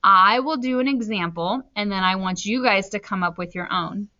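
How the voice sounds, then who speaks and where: A woman teacher talking slowly and deliberately through a recorded reading lesson, spelling out her answers as she writes them. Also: medium pitch, sharp tone. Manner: slow, deliberate, spelling out answers while writing. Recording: slightly dull lo-fi recording.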